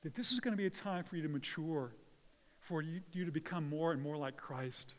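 A man's voice: fairly high pitch, a little fast. Earnest male preacher in a reverberant hall. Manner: earnest, varies between hushed and loud emphasis. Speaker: pastor. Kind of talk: sermon.

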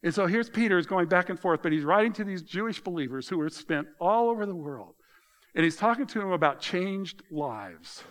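Man preaching, slightly higher voice, casual teaching tone, soft emphatic drops. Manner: conversational, explains word meanings, tells people to underline; slows for emphasis, drops soft on key phrases. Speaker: pastor. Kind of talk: sermon.

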